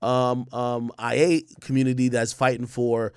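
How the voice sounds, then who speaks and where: A man's voice: medium pitch, flat delivery, unhurried, a little mellow, clear, resonant tone, dry recording, studio quality. A man hosting a casual commentary livestream, talking bluntly and emphatically, with plenty of swearing and repetition. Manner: blunt, profane, emphatic, repeats himself. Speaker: livestream host.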